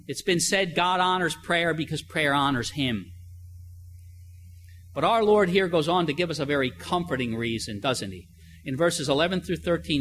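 An older male pastor delivering a sermon, his voice fairly high for a man and very lively in pitch. He talks in a chatty, storytelling way and asks his listeners rhetorical questions. Faint background noise sits under the voice. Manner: conversational preaching with stories and rhetorical questions.

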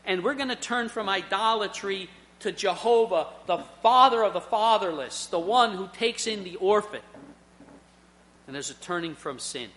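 A middle-aged male preacher delivers a sermon in a high, bright, forceful voice. He weaves in personal stories with earnest honesty. His delivery rises into emphatic swells. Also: expressive, moderate pace.

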